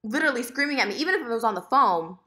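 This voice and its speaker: A woman's voice: fairly high pitch, expressive, racing, sharp tone. A woman vlogger telling a breakup story to camera in a rambling, emotional way, full of filler words. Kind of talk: casual storytime rant to camera.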